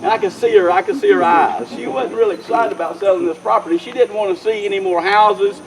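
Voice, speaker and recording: A mayor delivers a casual dedication speech at an outdoor park, rambling through a folksy story and frequently starting sentences over. He speaks quickly in a high voice over crowd noise, and the recording is rough.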